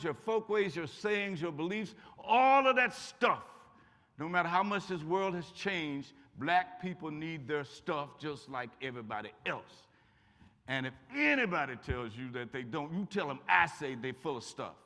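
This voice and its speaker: A man's voice: fairly high pitch, animated, moderate pace, bright, forceful tone. An older man with an Eastern Kentucky accent, a guest speaker giving a folksy, joking college talk and answering audience questions. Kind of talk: lecture and audience Q&A. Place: college auditorium. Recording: echoey hall.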